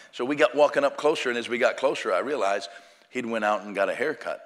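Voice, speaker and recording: A man's voice: mid-range voice, fast. A man preaching as an evangelist, telling a personal story in a folksy, conversational way with frequent fillers. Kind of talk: sermon storytelling. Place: church auditorium. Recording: long hall reverb.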